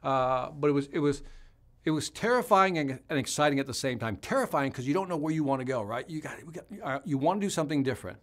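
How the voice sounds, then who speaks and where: A man's voice: a little high, fast talker. A man hosting a live stream as a sales trainer, chatting energetically and answering viewer comments directly. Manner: energetic, conversational, talks straight to viewers.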